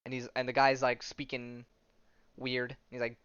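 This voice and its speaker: A man's voice: mid-range voice, monotone, normal speed, fairly bright tone, clean tone, dry recording. A man hosting a podcast, casually recapping a comic in a rambling way and laughing at his own jokes. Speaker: podcast host. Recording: dull lo-fi sound.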